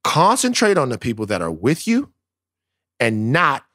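Animated man with a lively voice. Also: mid-range voice, a little slow, dry recording, clean studio sound. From Louisiana, United States. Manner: animated, profane storytelling. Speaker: podcast co-host. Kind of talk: casual chat.

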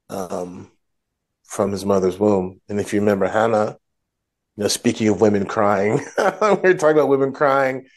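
Low-voiced man musing through scripture. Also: darkish tone. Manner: rambling, self-correcting storyteller. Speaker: podcast co-host. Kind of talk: casual religious discussion.

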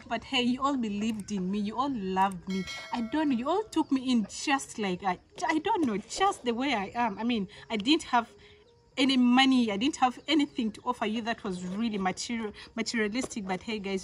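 A young woman, vlogging in an excited, emotional way, often laughing and talking straight to her viewers. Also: on the high side. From Uganda. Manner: emotional, giggly, talks directly to viewers. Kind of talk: excited casual vlog to viewers.

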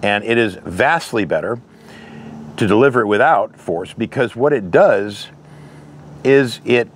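Deep-voiced man giving frank advice. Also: expressive, measured pace, a little hiss or hum. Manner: candid, conversational, storytelling with anecdotes. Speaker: interventionist. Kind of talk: advice monologue.

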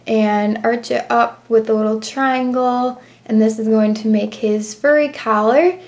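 A woman's voice: a little high, fairly even intonation, measured pace, a little mellow. A young woman talking through a drawing tutorial in a chatty, self-commenting voice-over, pacing her words to her drawing.

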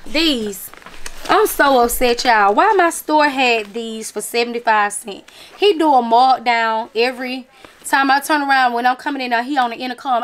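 A woman's voice: a little high, a bit bright. A woman, chatting casually to her viewers about a craft and gift-basket haul, emphatic and talkative. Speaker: vlogger showing a craft haul. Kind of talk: casual chat to camera.

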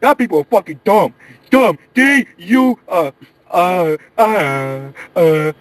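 A young man doing a profane improvised comedy voiceover, mumbling and trash-talking with a husky voice. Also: sits high, lively intonation, slow, no room sound.

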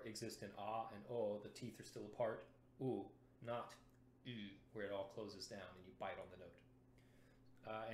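A man teaching brass playing in a lesson video, explaining clearly and methodically while sounding out syllables to demonstrate. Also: on the low side, echoey room, a little hiss or hum.

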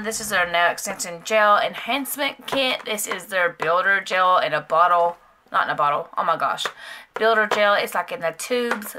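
Unboxing nail supplies for her vlog, a woman of medium pitch chats casually, gushing and rambling with plenty of fillers, while the background stays noisy.

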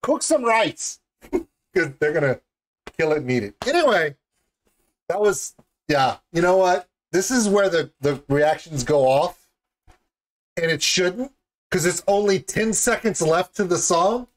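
A man's voice: fairly high pitch, expressive, measured pace, long pauses. A man hosting a music video reaction, talking in an enthusiastic, rambling and jokey way. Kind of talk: casual reaction commentary.

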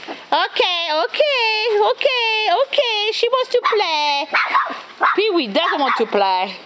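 High-pitched woman talking to her dogs. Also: sing-song, slow pace, a bit bright. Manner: laughing, coaxing and scolding dogs. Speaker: dog owner filming her dogs. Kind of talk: casual home video commentary. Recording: noisy home video with dogs barking.

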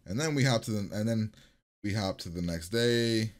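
A young man, host of a reaction channel, recapping a TV episode in an animated, casual way, swearing and laughing as he goes. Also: lowish voice, moderate pace.

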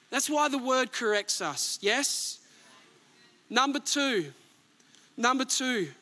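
A middle-aged pastor preaching a sermon with emphatic swings between near-shouts and soft asides. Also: male voice, very high voice, sing-song, takes it slowly, pauses often.

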